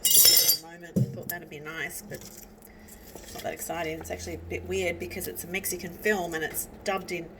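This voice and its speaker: A woman's voice: lowish voice, fairly even intonation, a little fast, heavy background noise. A woman rambling chattily while she cooks, teary and sniffly from cutting onions. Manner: chatty, rambling, self-interrupting. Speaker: vlogger cooking at home. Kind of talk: casual chat while cooking. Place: home kitchen. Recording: distant mic with loud kitchen clatter. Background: cutlery and dishes clattering.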